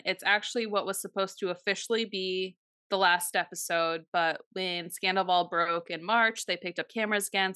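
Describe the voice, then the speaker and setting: Bright-voiced, foul-mouthed podcast woman. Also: mid-range voice, dry recording, studio quality. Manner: animated, swears freely, acts out quotes. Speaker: podcast co-host. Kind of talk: casual chat.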